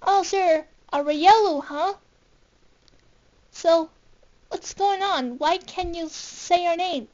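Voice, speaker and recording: Female storybook reader, very high voice, slow halting read, lo-fi sound. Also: a little mellow. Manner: slow, halting reading with restarts. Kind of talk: reading a picture book aloud.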